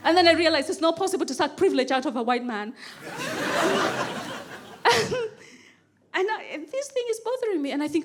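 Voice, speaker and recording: A woman comedian on a stage mic, with a high, bright voice. She tells her stories with animated energy and repeats phrases for comic build-up. Her quoted pleas are acted out. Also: moderate pace, long pauses, noisy background. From Kenya. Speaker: stand-up comedian. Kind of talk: stand-up storytelling.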